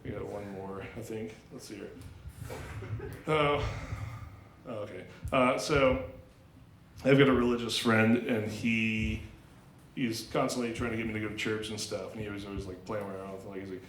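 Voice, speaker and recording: A man doing a stand-up comedy set at an open mic, crude and rambling, halting with lots of fillers. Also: mid-range voice, fairly bright tone, echoey room, a little hiss or hum, poor audio. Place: small club stage.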